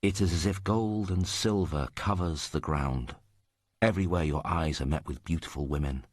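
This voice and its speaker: A man's voice: low-pitched, normal speed, husky, no echo, studio quality. A man voicing Old Zhang, an old male wandering storyteller who declaims sorrowful tales and half-sung sayings. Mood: grave.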